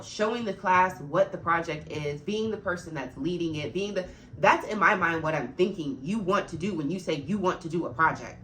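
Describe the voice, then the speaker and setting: A woman's voice: fairly low pitch, pushed and bright, a little hiss or hum. A woman who works as an after-school program supervisor tells a work story straight to camera, getting heated, blunt and swearing freely as she vents.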